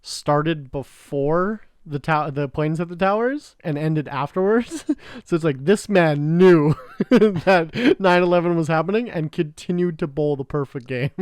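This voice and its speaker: Young canadian dude cohosting a podcast, smooth voice, laughs and swears a lot. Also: male voice, a little high, unhurried, a little mellow, no room sound, studio quality. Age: young adult. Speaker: podcast co-host. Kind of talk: casual chat.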